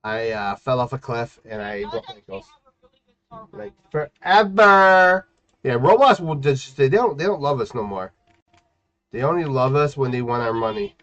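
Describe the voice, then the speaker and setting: A man casually chatting while streaming a game, playful and teasing, with sudden loud outbursts and sing-song scatting. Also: mid-range voice, expressive, normal speed. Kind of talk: casual gaming stream chat. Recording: muffled lo-fi stream audio.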